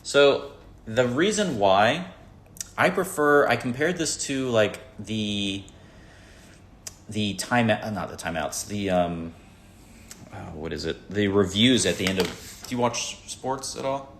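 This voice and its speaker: A man hosting a casual podcast, joking around and talking in halting stops and restarts. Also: on the low side, animated, a bit bright, a little hiss or hum. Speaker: podcast host. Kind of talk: casual chat. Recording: roomy echo.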